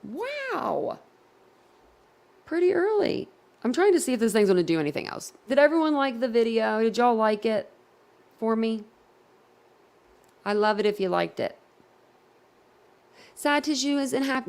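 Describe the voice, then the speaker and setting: A woman hosts a casual livestream and chats straight to her viewers at her desk mic. Her voice sits a little high with a gravelly fry, and she giggles and gets flustered easily. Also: animated, moderate pace, long pauses, a little mellow. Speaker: livestream host.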